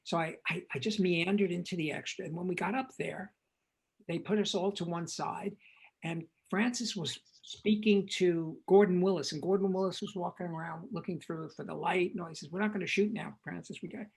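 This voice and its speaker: An older man, a film director guest in an interview, telling animated anecdotes and acting out what people said. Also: sits high, normal speed, vocal fry, slightly rough, low-quality recording. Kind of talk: casual storytelling interview.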